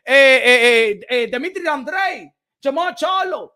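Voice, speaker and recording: High, sharp-voiced man ranting hotly. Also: expressive, moderate pace. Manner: heated, profane, mocking, with frequent laughs. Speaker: boxing commentary host. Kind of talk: opinionated rant to camera.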